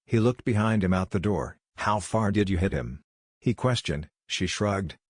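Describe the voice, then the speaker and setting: A man with a very low voice reads a fan-fiction story aloud at an even, unhurried pace. The sound is dry and close, with no room around it. He reads every character in the same voice. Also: dry recording. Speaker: narrator. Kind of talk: scripted fan-fiction narration.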